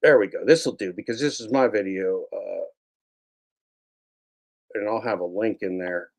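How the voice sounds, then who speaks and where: Male YouTuber, lowish voice, sarcastic, rambling, doubles back on his own lines while sharing his screen. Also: measured pace, vocal fry, darkish tone. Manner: sarcastic, repeats phrases, mock-scolding asides. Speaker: YouTube broadcaster. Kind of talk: rambling screen-share commentary.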